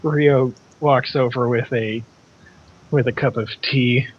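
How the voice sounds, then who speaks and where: Man player, mid pitch, dull lo-fi recording, faint hiss. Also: steady tone, slow. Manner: easygoing, describes his character's actions. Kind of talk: casual chat at a game table. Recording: dull lo-fi sound with faint noise.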